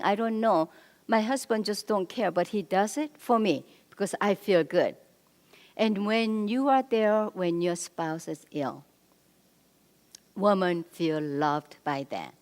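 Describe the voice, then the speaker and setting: Woman, middle-aged, marriage seminar speaker at a church, lively and direct with her listeners, mid-pitched voice, long hall reverb. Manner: animated, directly coaching the men in the audience.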